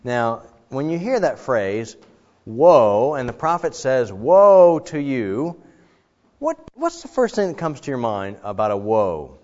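A man preaching a sermon in a conversational, animated way, with frequent fillers and restarts. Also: mid-range voice, normal speed, hardly any pauses, lo-fi sound. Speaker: pastor.

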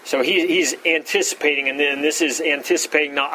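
A man with a fairly high voice leads a verse-by-verse Bible study. He hammers key words with sudden jumps in pitch and often backs up to restart a phrase. A faint hum of room noise sits under his voice. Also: steady tone, a little fast, few pauses, sharp tone, low-quality recording. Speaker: Bible teacher.

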